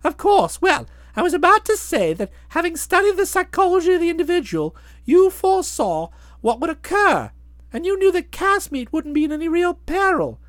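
A woman voicing a chatty, self-satisfied young gentleman in a bouncy, wordy way. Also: very high voice, very animated, moderate pace, no echo, clean studio sound. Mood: breezy. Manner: bouncy, wordy, fond of flowery phrases. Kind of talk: audiobook drama, narrating and voicing the hero.

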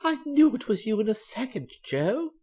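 Reader putting on an old stage lady, slow and soft, swings her voice all over, from storybook narration. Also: medium pitch, big pitch swings. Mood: tender. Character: elderly aunt, former stage performer, grand.

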